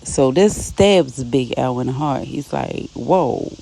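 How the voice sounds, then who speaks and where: A woman with a low, gravelly voice talks through a TV episode scene by scene. Her tone is dark and mellow, and she drops in quick quoted lines and offhand side comments as she goes. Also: lively intonation. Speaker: TV episode recap host. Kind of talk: casual episode recap.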